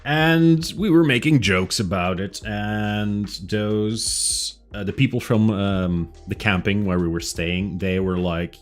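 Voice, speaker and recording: A man's voice: on the low side, slow, soft background music. A man from Flanders, chatting casually on a livestream in a rambling, self-mocking way. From Flanders, Belgium. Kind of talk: casual chat.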